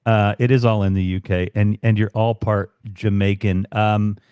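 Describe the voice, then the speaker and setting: A man's voice: lowish voice, little pitch movement, normal speed, dark tone, clear, resonant tone, dry recording. Rambling, joking man, dry close sound. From United States. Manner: rambling, jokey, many fillers. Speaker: livestream guest, fellow broadcaster. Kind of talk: casual chat.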